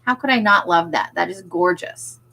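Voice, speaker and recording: A woman's voice: lowish voice, moderate pace, creaky, sharp tone, rough recording. A woman who runs a craft shop, hosting a casual livestream and chatting with viewers. She is self-deprecating and laughs often.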